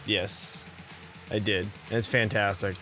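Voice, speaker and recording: A man's voice: on the low side, fairly even intonation, a little slow, sharp tone, faint music behind. A man co-hosting a live stream, talking in a loose, rambling and enthusiastic way. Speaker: co-host. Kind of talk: casual live stream chat.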